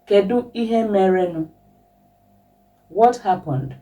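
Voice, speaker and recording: A woman gives a language lesson at a slow, patient pace, repeating each example question. Her voice is a little low and mellow, and she sits slightly distant from the microphone on a lo-fi recording.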